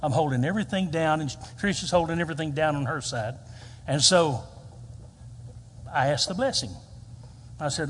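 A man's voice: normal speed, long pauses, fairly bright tone, breathy edge. A man, preaching a storytelling sermon and acting out quoted lines. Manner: storytelling, acts out quoted lines with big pitch jumps. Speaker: pastor. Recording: reverberant hall.

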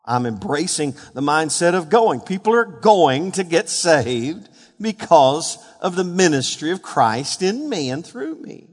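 A man preaching a sermon, fervent, building to shouted peaks and asking the congregation questions. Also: on the high side, big pitch swings, measured pace. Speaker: pastor. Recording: long hall reverb.

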